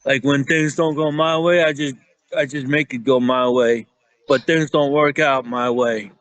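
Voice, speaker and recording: A man with a New York accent telling rambling, profane stories in a casual chat, often getting excited as he acts out what people said. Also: mid-range voice, a little slow, no room sound. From Staten Island, New York. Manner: profane, rambling, excitable when acting out quotes. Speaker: security guard guest.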